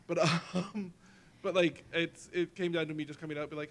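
A man guesting on a podcast as a burlesque host, from Canada, telling stories in animated casual chat. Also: on the high side, normal speed. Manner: animated storyteller, lots of "like".

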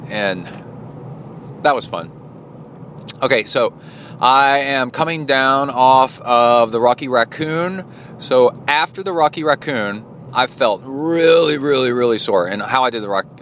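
A man records a rambling training-log monologue on his phone in a locker room, chatty and full of fillers. His voice sits on the low side, with a faint hum of noise behind him. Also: fairly bright tone. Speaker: podcast host.

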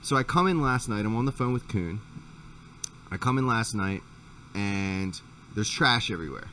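Low-voiced man telling a profane story. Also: lively intonation, moderate pace, bright, forceful tone, distant mic, slight background noise. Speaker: podcast host. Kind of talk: casual chat.

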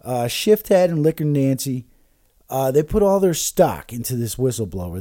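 A man talks alone into a podcast mic, rambling and swearing freely, stumbling over restarts and fillers. He is drinking shots of liquor as he goes. His voice is dark and mellow, and the recording sounds dry and close. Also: mid-range voice, big pitch swings, moderate pace, no room sound. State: drinking shots while talking. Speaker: podcast host. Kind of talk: casual rambling monologue.

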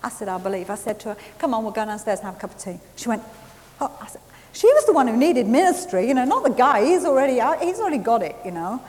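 A woman preaching a sermon, telling a lively story and laughing at herself along the way. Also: fairly high pitch, fast. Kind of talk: sermon with testimony. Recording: hissy recording in a reverberant hall.

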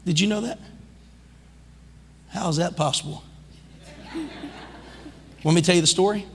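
A man preaching a sermon as pastor, calling out to the congregation and building into shouting. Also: high-pitched, a little slow, long reverb tail, a little hiss or hum. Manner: calls out to the congregation. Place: church sanctuary.

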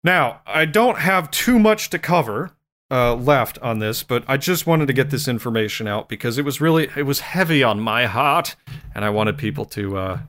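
A man's voice: medium pitch, lively intonation, normal speed, fairly bright tone. A man talking on a podcast in a loose, rambling way, joking as he goes. He sits at the middle of the male range and laughs often. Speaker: podcast co-host. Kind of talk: casual podcast monologue.

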